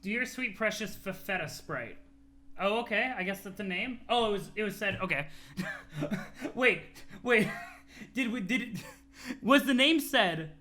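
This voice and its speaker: A man casually reacting to a webcomic on a live stream, excitable and quick to laugh. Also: high voice, a little hiss or hum.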